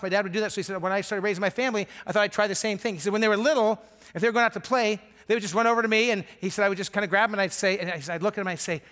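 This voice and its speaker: Man, middle-aged, pastor, sermon, earnest and emphatic, high voice. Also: a bit bright.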